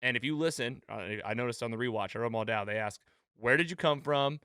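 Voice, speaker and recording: A man hosting a casual recap chat, retelling scenes with animated quotes. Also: mid-range voice, fast, smooth, no echo, clean studio sound. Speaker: podcast host.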